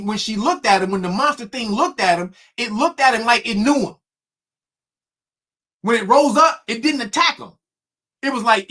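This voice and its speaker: A man casually telling a spooky story, cursing freely and laughing often. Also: very high voice. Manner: profane, laughing often, animated.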